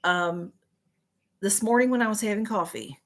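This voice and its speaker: This livestream host is a middle-aged Southern US woman whose mid-range voice has a fairly bright tone and a normal speed. She rambles casually through a live chat, reading viewers' comments aloud.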